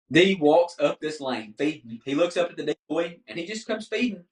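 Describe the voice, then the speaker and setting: A fairly high-pitched man speaks fairly quickly with few pauses, an animated podcast guest recounting a story in casual chat and performing the dialogue. His voice sounds roomy through a distant microphone.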